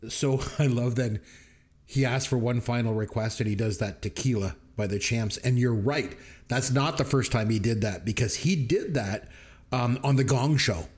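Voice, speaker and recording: A man's voice: medium pitch, a little mellow. Chatty man recapping film scenes. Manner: enthusiastic, recounts scenes with quick quoted voices. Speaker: podcast co-host. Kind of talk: casual movie review chat.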